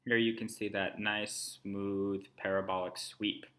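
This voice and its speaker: A man with a low, bright voice talks through a screen-recorded tutorial. He explains calmly, one step at a time, as a language instructor would. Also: measured pace.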